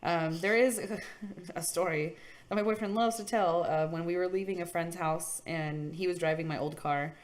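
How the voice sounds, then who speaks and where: A woman's voice: on the low side, fairly even intonation, moderate pace. Young woman, podcast co-host, easygoing, laughs while telling a story. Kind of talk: casual chat.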